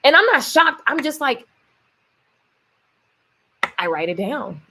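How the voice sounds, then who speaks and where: A woman's voice: sits high, big pitch swings, slow, background noise. A woman vlogging in a casual, playful storytelling way, often laughing and slipping into voices for quotes. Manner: laughs often while talking. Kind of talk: casual storytelling and motivational talk.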